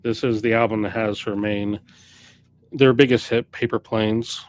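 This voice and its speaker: A man's voice: fairly low pitch, fairly even intonation, unhurried, slight background noise. A man who owns a record store, chatting off the cuff on a live stream about new arrivals, often correcting himself mid-sentence. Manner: rambling, off-the-cuff, self-correcting. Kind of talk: casual live-stream chat.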